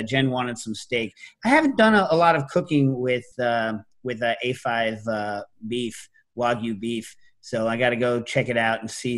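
A middle-aged man hosting a casual chat, telling stories with lively energy and jumping into loud, high-pitched imitations. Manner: animated storyteller, leaps to high shouted imitations. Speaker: podcast host.

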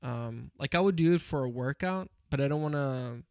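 A man's voice: mid-range voice, moderate pace, no room sound, clean studio sound. A young man in casual podcast chat, telling stories in a rambling way with lots of fillers and restarts.

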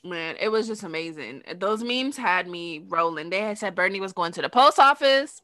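This is a young woman in casual podcast chat, her voice bright and forward. The sound is dry and close. She is lively and laughs easily, and she gets loud when something bothers her. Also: fairly low pitch, moderate pace, no echo. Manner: animated, laughing, raises voice when emphatic. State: eating dinner while talking. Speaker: podcast co-host.

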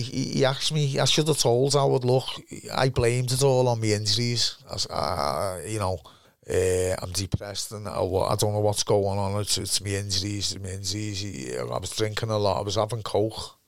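A man in his fifties with a Liverpool accent, a former footballer, tells rambling stories in a casual interview, swearing freely and repeating himself. His voice is on the low side at normal speed, recorded dry with no echo in studio quality.

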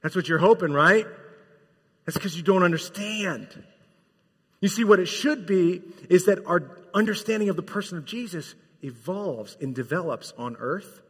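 A man preaching a sermon, emphatic and casual, swinging from loud bursts to hushed lines. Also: high voice, lively intonation, normal speed, husky. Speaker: pastor. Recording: long hall reverb.

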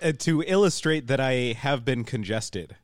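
Congested man with a lively voice. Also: mid-range voice, unhurried, a little hiss or hum. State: congested, slightly raspy from a cold. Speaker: podcast co-host. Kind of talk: casual chat.

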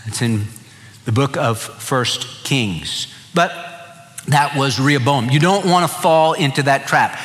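A man's voice: mid-range voice, unhurried, fairly bright tone. A middle-aged male pastor preaching a sermon with folksy, humorous storytelling. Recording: reverberant church hall.

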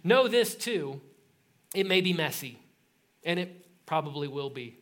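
Middle-aged male pastor, lively sermon storyteller, fairly high voice. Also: unhurried. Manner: animated storytelling with laughs and acted quotes.

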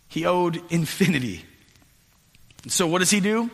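A man preaching a sermon as pastor, telling a story in an animated way with voiced asides. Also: sits high, moderate pace, vocal fry. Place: church sanctuary. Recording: echoey hall with long reverb.

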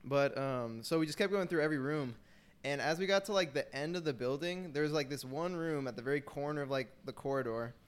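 A man's voice: fairly high pitch, a little fast, clear, resonant tone. A young man in casual chat, telling a rambling story full of fillers.

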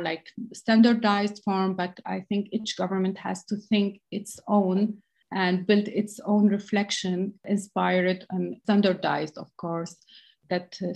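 Measured woman, halting with fillers. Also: fairly low pitch, creaky, a little mellow. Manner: measured, thinks aloud with frequent fillers. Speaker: interview guest, tech policy expert. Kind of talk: conversational interview answers.

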